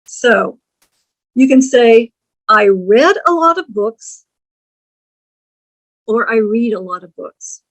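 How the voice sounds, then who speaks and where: A woman giving a recorded English grammar lecture, spelling out words letter by letter and explaining them deliberately. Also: a little high, poor audio.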